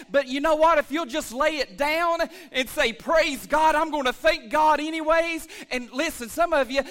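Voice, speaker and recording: A man preaching a lively church sermon as pastor, calling for amens and swinging between shouts and hushed asides. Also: extremely high pitch. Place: church sanctuary.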